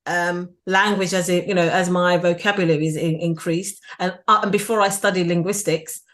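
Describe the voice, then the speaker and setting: A middle-aged British woman, a PR agency founder, talking in a casual interview, animated and full of restarts and "you know". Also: lowish voice, moderate pace. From United Kingdom.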